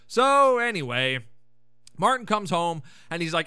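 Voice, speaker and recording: A man's voice: high-pitched, wildly swooping pitch, moderate pace, sharp tone, clean tone, no room sound. A man hosting a podcast, recapping an episode in a casual, irreverent way and swearing freely. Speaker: podcast host.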